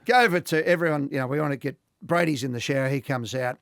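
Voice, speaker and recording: Australian accent, man, middle-aged, gravelly voice, dry studio sound, animated storytelling. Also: medium pitch, quick pace, no echo. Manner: animated anecdote-telling, laughing often. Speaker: podcast guest. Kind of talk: casual storytelling.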